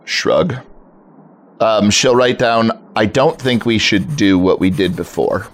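A man's voice: on the low side, takes it slowly. A man playing a tabletop game, casually narrating what his silent character does in third person. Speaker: player. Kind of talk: narrating a mute character's actions.

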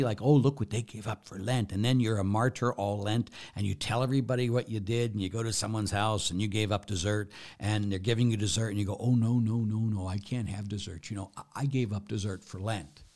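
A middle-aged man, a priest, giving a talk in a preaching style, swinging from loud emphasis to quiet asides. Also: on the low side.

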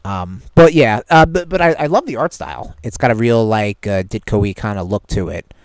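Man, lively swinging pitch, dry close sound, rambling, profane, wry podcast chat. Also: moderate pace, no echo. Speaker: podcast co-host. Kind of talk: casual chat.

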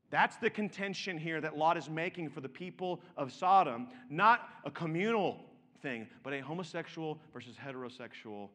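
A man's voice: medium pitch, animated, normal speed, a bit bright, long reverb tail. A man preaching a sermon, stressing and repeating key words and checking in with his listeners through direct questions. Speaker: pastor.

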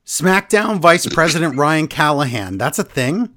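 Lively high-voiced male podcast co-host. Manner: animated, quick bursts when reading out news. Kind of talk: casual podcast chat.

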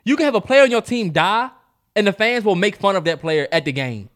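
High, lively man bantering about football. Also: a little fast. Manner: blunt, swears, animated banter. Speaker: podcast co-host. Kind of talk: casual sports chat.

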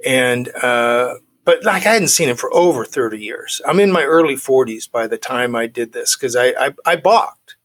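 A man's voice: mid-range voice, animated, normal speed, few pauses, a bit bright. A middle-aged man in his forties, a guest telling a personal recovery story, acting out the dialogue he quotes.

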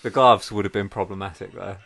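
A man's voice: on the low side, steady tone, fairly quick, creaky, a bit bright. A man, chatting casually and asking playful questions about a boxing match.

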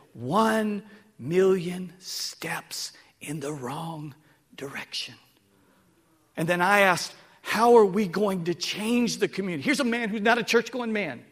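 A man preaching a sermon, dropping to a hush and then rising to shouts. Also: high-pitched. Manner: swings from hushed to shouting. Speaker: pastor.

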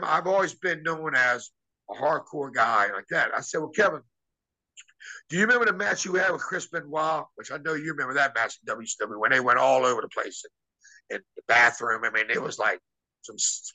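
A man's voice: medium pitch, normal speed, pushed and bright, low-quality recording. A middle-aged man, a former wrestler, telling a story casually and animatedly, acting out quotes with lots of restarts and fillers.

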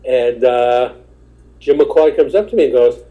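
A man's voice: mid-range voice, moderate pace, lo-fi sound. A male stand-up comedian, a podcast guest, telling rambling anecdotes in casual chat and acting out the voices of the people in them. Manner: rambling, acts out quoted voices.

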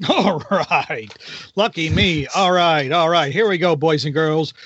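A man's voice: fairly high pitch, slow, fairly bright tone, breathy edge, lo-fi sound. A man co-hosting a podcast, retelling a comic book in a rambling way, laughing and acting out quotes. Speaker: podcast co-host. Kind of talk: casual comic review chat.

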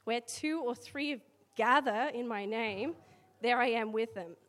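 Long reverb from a large hall surrounds a fairly high, fairly bright female voice speaking at a measured pace. She is an Australian church speaker giving a sermon in a conversational style, reading scripture with chatty asides and filler words in between the readings.

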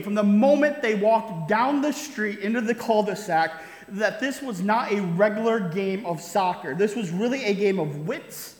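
A man preaching a sermon, telling a story with frequent "right?" asides and chuckles. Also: high-pitched. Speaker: pastor. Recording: roomy hall reverb.

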